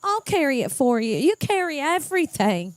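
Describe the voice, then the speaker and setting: A woman's voice: sits high, sing-song, moderate pace, no echo. A woman in her thirties, co-hosting a casual chat, emotional and self-mocking, laughing through tears. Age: 30s. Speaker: podcast co-host.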